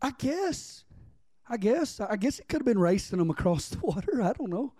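High-voiced pastor preaching. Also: male voice, expressive, fast talker, warm tone, husky, no room sound. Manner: preaching, reading scripture and asking the congregation to respond. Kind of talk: sermon.

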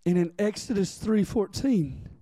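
High-voiced pastor preaching. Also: male voice, lively intonation, a little slow, mellow, no room sound. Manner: preaching, reading scripture and asking the congregation to respond. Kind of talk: sermon.

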